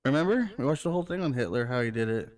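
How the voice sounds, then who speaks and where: Dude cohosting a chill podcast, quick jokey banter, mid voice. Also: male voice, mid-range voice, lively intonation, darkish tone. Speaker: podcast co-host. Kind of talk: casual chat.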